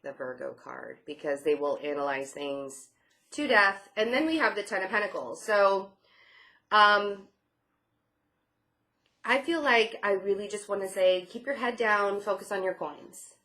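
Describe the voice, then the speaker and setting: A woman's voice: mid-range voice, unhurried, sharp tone. A young woman giving a casual tarot reading, chatty and a little sarcastic, with frequent fillers and light laughs. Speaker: tarot reader.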